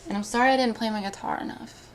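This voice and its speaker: A woman talking on a live stream in casual chat, speaking emotionally, with halting restarts. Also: a little high, steady tone, a little hiss or hum.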